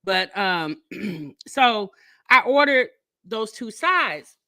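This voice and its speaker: A middle-aged woman, chatting casually on a live stream and telling stories, animated and laughing often. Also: mid-range voice, very slow, no echo. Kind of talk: casual live chat storytelling.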